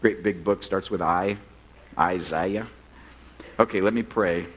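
A man preaching a sermon as pastor at a church service, conversational and self-deprecating, joking with the congregation and turning earnest and quiet in prayer. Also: low voice, measured pace, pauses often, slight background noise, low-quality recording.

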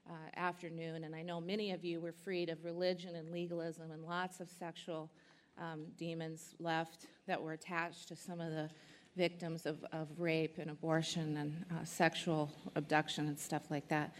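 A woman speaker at a church conference, telling an emotional testimony and teaching, earnest and halting with many fillers. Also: fairly low pitch.

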